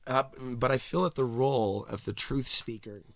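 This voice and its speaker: A man's voice: medium pitch, fairly even intonation, normal speed, gravelly, dry recording. A man hosting a podcast, talking in a rambling, speculative monologue full of "you know" and restarts. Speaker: podcast host. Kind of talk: spoken monologue.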